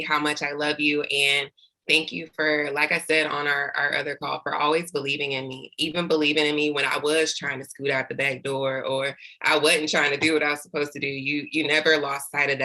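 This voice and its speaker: A woman on a video call with a lowish, bright, forceful voice. She gushes heartfelt thanks to her team as their new sales director, holding back tears the whole way. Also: low-quality recording. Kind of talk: celebration speech on a video call.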